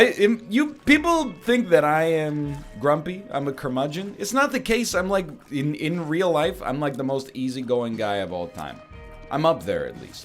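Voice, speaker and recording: A young man chats loosely over his gameplay, joking at his own expense and veering between low mutters and sudden exclamations. His pitch swings widely. Faint music plays under his voice. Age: young adult. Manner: rambling, self-deprecating, jumps to exclamations. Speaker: gaming commentator. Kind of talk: casual let's-play commentary.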